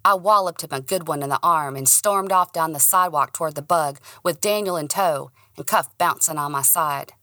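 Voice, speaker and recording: A woman narrating a first-person audiobook with an expressive, dramatic delivery. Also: deep voice, normal speed, few pauses.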